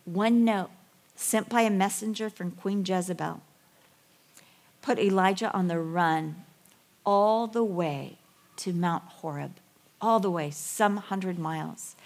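A middle-aged woman giving a sermon, telling Bible stories with animated, acted-out dialogue. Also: fairly low pitch, slow pace, vocal fry. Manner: animated storytelling, acting out voices and whispers. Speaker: women's ministry speaker.

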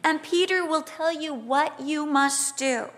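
A middle-aged woman delivers a sermon in a voice pitched a little high. She moves from scripture teaching into a lively personal story and acts out the quoted lines with sudden loud bursts. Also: unhurried. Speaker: preacher.

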